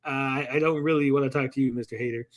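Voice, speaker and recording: A man's voice: medium pitch, steady tone. A man co-hosting a livestream chat, rambling with many "like" fillers and acting out quoted people as he tells stories. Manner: acts out people in quick quoted voices. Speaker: podcast co-host.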